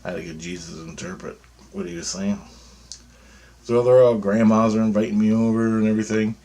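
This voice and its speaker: Man with a lowish voice, casual vlog monologue, profane and meandering. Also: steady tone, fairly quick, mellow. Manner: loose, profane, meandering storytelling. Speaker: vlogger.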